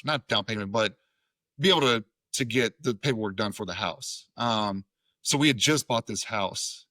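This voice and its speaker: Bright-voiced man swearing through a story. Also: on the low side, no room sound. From Tennessee, USA. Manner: profane, acts out quoted dialogue. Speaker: podcast guest, Air Force veteran. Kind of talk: casual storytelling.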